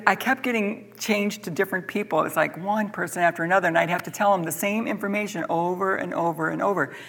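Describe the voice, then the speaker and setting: A middle-aged woman leads a church Bible study, telling her story with earnest animation. She often stumbles and repeats words. Her voice sits a little low for a woman. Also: fairly bright tone. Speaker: church teacher.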